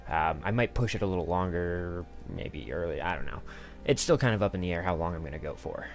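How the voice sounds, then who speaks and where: A man's voice: low voice, lively intonation, a little fast, hardly any pauses, soft background music. A man streaming a game live, giving casual commentary in a crude, profane, rambling way with lots of fillers. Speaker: gaming streamer.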